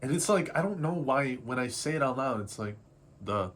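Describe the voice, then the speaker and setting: A man's voice: medium pitch, expressive, moderate pace, a bit bright. A man in his twenties talking candidly in a confessional vlog, rambling and self-doubting, swearing casually as he works through his feelings. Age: 20s. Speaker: artist vlogger. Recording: faint background noise.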